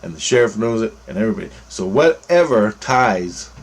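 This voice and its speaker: Brief: man with a lowish voice, casual storyteller, rambling, swears a lot, restarts phrases. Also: expressive, a little fast, slightly rough. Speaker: storyteller recounting a dream.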